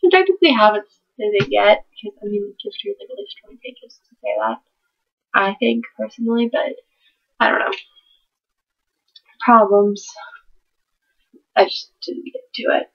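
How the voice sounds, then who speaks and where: A woman's voice: medium pitch, normal speed, creaky, pauses often. A teenage girl rambling about her books in a hyper, giggly way, vlogging at home. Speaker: book vlogger. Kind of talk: casual chat to camera. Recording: dull lo-fi webcam audio.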